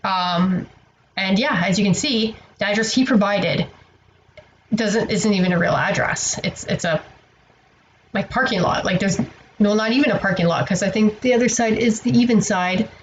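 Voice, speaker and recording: A woman's voice: mid-range voice, moderate pace, muffled recording, a little hiss or hum. A woman telling a story to camera in a casual vlog. She sounds tired and exasperated, rambles, and swears freely. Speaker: online seller vlogger.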